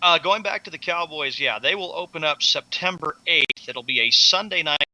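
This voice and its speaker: A man co-hosting a sports radio show, easygoing and quick to laugh in casual banter. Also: fairly high pitch, bright, forceful tone, poor audio.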